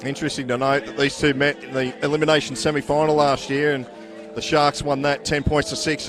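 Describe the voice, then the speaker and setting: A man's voice: on the high side, brisk, a crowd in the background. Australian male commentator, easygoing, chatty, lots of fillers, faint music behind. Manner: relaxed, filler-heavy, chatty. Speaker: sports commentator. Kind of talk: live match commentary. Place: at a suburban football ground.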